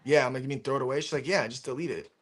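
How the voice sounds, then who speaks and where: Animated man telling swear-laden stories. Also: mid-range voice, rapid-fire. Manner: animated storyteller, swears freely, acts out quotes. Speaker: stream host. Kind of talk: casual chat.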